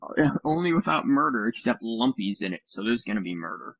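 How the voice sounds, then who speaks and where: A man's voice: mid-range voice, lively intonation, fast talker, fairly bright tone, slightly rough, no echo, poor audio. Sarcastic man with a dry close sound. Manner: sarcastic, mocking with silly put-on voices, swears. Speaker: podcast co-host. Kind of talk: casual chat over a call. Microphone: computer mic on a voice call.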